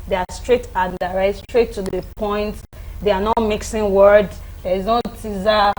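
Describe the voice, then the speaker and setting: A middle-aged woman on a talk show, explaining parenting in a lively way and acting out children's and parents' voices. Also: mid-range voice, normal speed, rough recording. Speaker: guest parenting expert. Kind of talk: studio talk show discussion.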